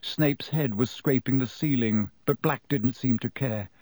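A man narrates an audiobook in a measured, steady way. His voice sits at a middle pitch. The recording is close and dry. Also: no room sound. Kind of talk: scripted narration.

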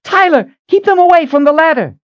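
A man voicing a desperate, fierce young woman leader who shouts at the top of her lungs. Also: very high voice, expressive, a little fast, dry recording, lo-fi sound, voice pushed up. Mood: urgent.

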